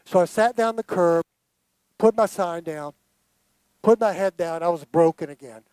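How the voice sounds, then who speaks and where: An older man in his late sixties with a high voice tells a heartfelt personal story to a gathering. He speaks earnestly and emotionally, turning to the audience now and then. The sound is dry and close, with little room echo. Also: normal speed, a little mellow, clean tone. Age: late 60s. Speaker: guest speaker. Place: hall of a gathering.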